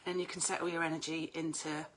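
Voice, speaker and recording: A woman's voice: sits low, fast, a little hiss or hum. A middle-aged woman, chatting casually on a livestream as an oracle card reader, talkative and prone to swearing. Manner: chatty, animated, swears freely.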